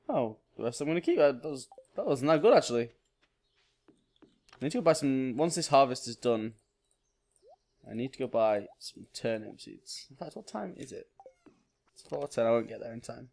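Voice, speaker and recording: A man's voice: mid-range voice, lively intonation, moderate pace, creaky, darkish tone. A man hosting a gaming channel, giving casual let's-play commentary and thinking aloud with small exclamations.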